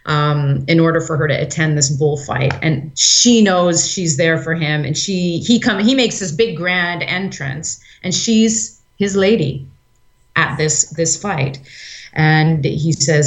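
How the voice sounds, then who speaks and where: A woman co-hosting a podcast in casual chat, telling a story in an animated way and acting out quotes. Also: sits low, slow pace. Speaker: podcast co-host. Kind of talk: casual chat, retelling an opera plot.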